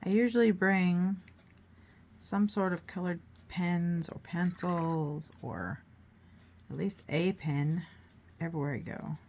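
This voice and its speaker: Working through a painting demo, this host chats casually with viewers, offering encouragement and thinking aloud. She's an adult whose mother paints, and her voice is lowish, slow and darkish in tone.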